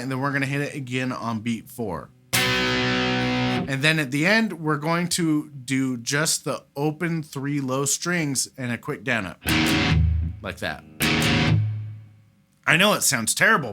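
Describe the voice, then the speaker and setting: A man giving a casual beginner guitar lesson, chatty and relaxed, counting out rhythms. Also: medium pitch. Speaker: guitar teacher. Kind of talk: casual instructional talk. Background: guitar playing.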